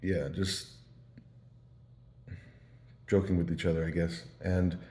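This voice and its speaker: A man's voice: low-pitched, level tone, takes it slowly, a little mellow. A man telling stories in a casual, meandering ramble, full of fillers and restarts. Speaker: vlogger. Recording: roomy echo.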